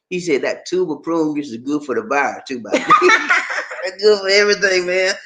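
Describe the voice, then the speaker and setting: An American man hosting a casual live stream from home, reading out viewer names, laughing often and talking in a lively, easygoing way. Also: fairly high pitch, fairly quick, noisy background. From United States. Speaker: vlog host reading live chat.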